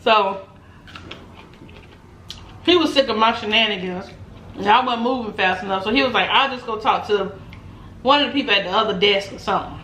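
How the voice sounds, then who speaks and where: A woman vlogger telling a story in a casual chat, animated and laughing often, acting out what people said. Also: mid-range voice, a little fast, pauses often. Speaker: mukbang vlogger. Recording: roomy echo, faint background noise.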